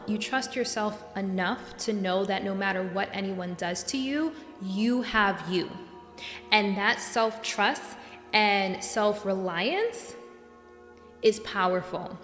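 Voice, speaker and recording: A young adult woman from New York hosting a solo podcast, talking earnestly and getting worked up and animated. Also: mid-range voice. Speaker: podcast host and coach. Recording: echoey room with long reverb.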